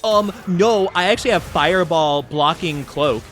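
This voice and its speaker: A man's voice: on the high side, moderate pace, a bit bright, slight background noise, lightly acted. A man voicing a monster as a smug, bratty playground kid who whines that nothing can hurt him. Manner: whiny know-it-all, nasal "nuh-uh" drawl.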